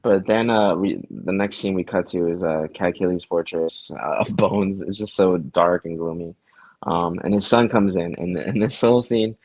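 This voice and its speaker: Male co-host, relaxed slangy recap chat, husky low voice, dry recording. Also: moderate pace, dry recording, low-quality recording. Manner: laid-back, slangy, laughs often. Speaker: podcast co-host.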